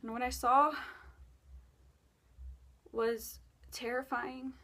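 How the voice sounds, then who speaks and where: A woman's voice: high voice, fairly even intonation, extremely slow, sharp tone. Chatty young woman telling a story. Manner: rambling, with many fillers and self-corrections. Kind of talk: casual storytime vlog.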